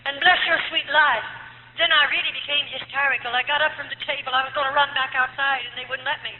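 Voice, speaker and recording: A woman's voice: high-pitched, steady tone, fast talker. A middle-aged woman from the United States telling her life story as a personal testimony, earnest, her voice rising and falling with feeling. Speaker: former nun giving testimony. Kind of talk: emotional personal testimony to an audience. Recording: tinny lo-fi archive tape in an echoey hall, faint hum.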